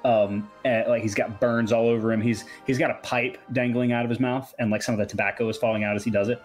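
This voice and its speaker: A man running a tabletop game, narrating scenes casually with plenty of "like" and "um." His voice sits at a middling pitch. Faint music plays behind him. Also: steady tone, quick pace. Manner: casual, rambling narration with fillers. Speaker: game master.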